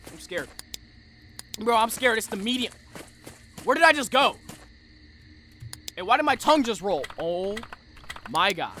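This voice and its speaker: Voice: mid-range voice, sing-song, unhurried, long pauses, sharp tone, slight background noise. A gamer doing let's play commentary on a horror game, panicky, repeating phrases and yelping at the screen.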